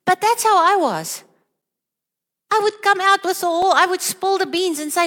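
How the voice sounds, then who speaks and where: A woman's voice: very high voice, animated, moderate pace, bright, forceful tone, big-room sound. A woman preaching a sermon, earnest and questioning, with many repeated rhetorical questions.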